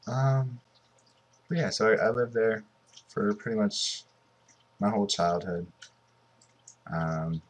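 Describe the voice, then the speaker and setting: Low husky man, slow and rambling. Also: steady tone. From Southern California. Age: 20s. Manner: rambling and offhand. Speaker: mobile game YouTuber. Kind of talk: casual gameplay commentary.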